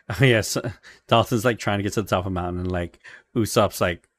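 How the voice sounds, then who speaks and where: A lowish-voiced man co-hosts a podcast, rambling loosely through a casual recap with lots of filler words and quick laughs. His voice sounds close and dry, with no room sound at all.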